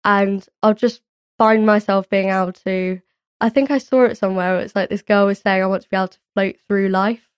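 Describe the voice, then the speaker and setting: Young woman, Pilates teacher guest, rambling and giggly, smooth voice, dry close sound. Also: medium pitch, fairly even intonation, a little fast, no room sound. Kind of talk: casual interview chat.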